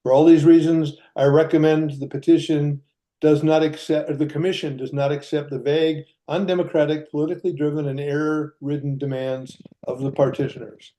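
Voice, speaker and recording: A man's voice: fairly high pitch, level tone, brisk, mellow. A man giving a prepared public comment at a hearing, emphatic and punchy, stacking charged words. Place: remote hearing.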